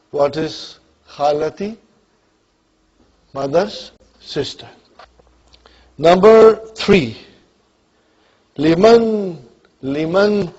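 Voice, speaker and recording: A man with a rather high, slightly mellow, husky voice leads an Arabic grammar class in a lo-fi recording. Checking understanding often, he calls on students by name.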